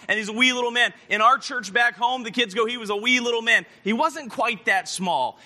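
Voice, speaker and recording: A man preaching a lively children's sermon at a camp, reading scripture aloud and retelling the stories. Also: high voice. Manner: lively storytelling to kids, reads scripture aloud.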